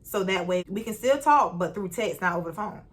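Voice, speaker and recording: A young woman vlogger telling a personal story in a chatty, slangy way, speaking straight to her viewers and jumping up in pitch when she acts out greetings. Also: fairly quick. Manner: lively, jumps high when retelling greetings. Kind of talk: casual storytime.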